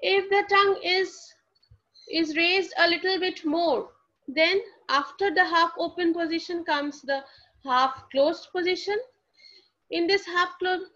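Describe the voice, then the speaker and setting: A woman's voice: very high voice, pushed and bright. A woman teaching a lecture to students, posing questions and answering them herself, and spelling words out letter by letter. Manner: explanatory, asks and answers her own questions. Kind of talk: lecture explaining phonetics to students. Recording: dull lo-fi recording.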